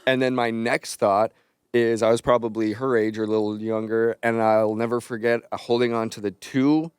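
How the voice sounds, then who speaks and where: A man co-hosting a podcast, sharing memories in relaxed casual chat. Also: medium pitch, normal speed, clean tone, no echo, studio quality. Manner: relaxed, rambling recollection. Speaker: podcast co-host.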